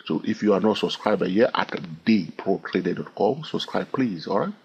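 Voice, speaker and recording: A man's voice: low voice, animated, moderate pace, a little mellow, muffled recording, slight background noise. A man teaching a chart lesson, counting waves aloud and often checking in with "all right?". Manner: repetitive, keeps asking "all right?"; counts wave numbers aloud in a sing-song way. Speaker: trading instructor.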